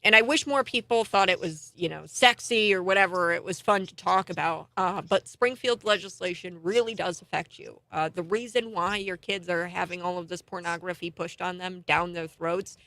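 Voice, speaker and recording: A woman's voice: fairly low pitch, normal speed, hardly any pauses, dry recording. Lady radio host ranting, fired up and scornful, dry close mic. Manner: animated, indignant, laughs scornfully. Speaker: radio talk show host. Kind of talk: heated political talk radio monologue.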